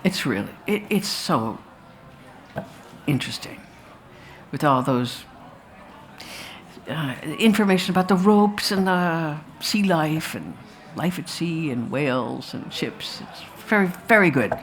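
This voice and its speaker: After a festival screening, a filmmaker discusses her film with the audience in a low-pitched voice, lively in intonation and measured in pace. Her talk is rambling and anecdotal, full of restarts and asides, with a little hiss or hum in the background.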